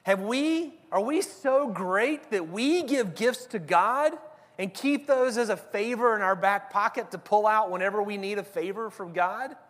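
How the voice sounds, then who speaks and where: High-voiced male preacher, chatty sermon delivery, big echoing hall. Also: measured pace, a bit bright. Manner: conversational preaching, tag questions. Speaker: pastor.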